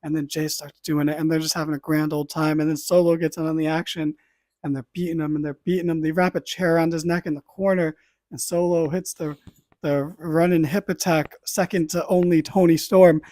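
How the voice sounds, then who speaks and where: A man with a somewhat higher voice retells events in an animated play-by-play, full of casual asides and the occasional swear. The sound is dry and close, with no room around him. He talks like a podcast host chatting with friends. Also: fairly quick, no room sound. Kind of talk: casual wrestling recap.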